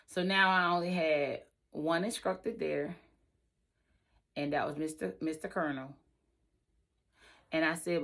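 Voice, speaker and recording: A woman with a bright, crisp voice recounts her own life story in a personal vlog. She talks emphatically and directly to her audience. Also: low-pitched, fairly even intonation, unhurried, long pauses.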